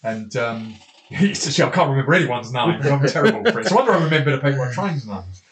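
A man's voice: medium pitch, sing-song, quick pace, a loud crowd. A man with a South East English accent, a boxing trainer telling rambling anecdotes with restarts and quoted dialogue. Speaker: boxing trainer, podcast guest. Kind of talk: casual storytelling. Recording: roomy echo, faint noise.

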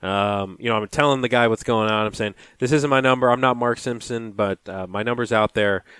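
A man's voice: on the low side, fairly quick, fairly bright tone, clear, resonant tone, no room sound. A man co-hosting a podcast, chatting casually and acting out phone calls as he tells a story. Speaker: podcast co-host. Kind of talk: casual chat.

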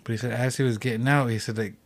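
A man's voice: medium pitch, fairly even intonation, rapid-fire. A young man from the Cheyenne Reservation telling a ghost story in a loose, rambling way as a podcast guest. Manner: rambling, full of "like" and "he said".

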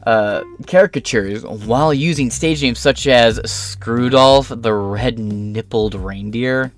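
A man's voice: medium pitch, takes it slowly. A man hosting a commentary show, reading articles aloud and cutting in with profane, sarcastic, contemptuous remarks. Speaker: commentary host.

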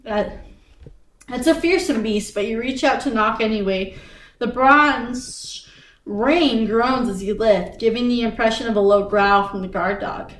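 A woman co-hosting a podcast, reading a choose-your-own-adventure story aloud in an animated way, laughing often and breaking off to chat. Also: a little high, measured pace. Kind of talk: casual read-aloud storytelling. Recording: roomy echo, distant from the mic.

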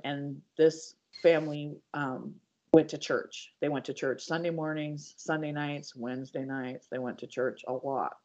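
On a podcast with dull, lo-fi sound, a female guest with a deep voice speaks to the audience in earnest about her own life. Her telling is halting, full of restarts.

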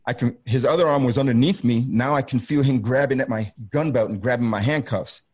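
Middle-aged man, ex-border agent, mid-pitched voice, intense and halting, talking over a video call. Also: darkish tone. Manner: intense, halting, repeats himself. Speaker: former federal border agent, guest. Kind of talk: first-person storytelling on a video call.

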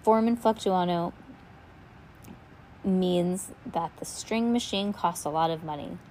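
Woman, casual read-aloud of a children's book, lively character voices, quick asides, faint background noise. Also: lowish voice, low-quality recording. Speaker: reader. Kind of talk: reading a children's novel aloud.

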